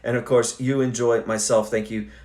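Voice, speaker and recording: A man's voice: mid-range voice, little pitch movement, moderate pace, a little mellow. A young man hosting a live stream, talking casually and loosely with lots of fillers and restarts. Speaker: host.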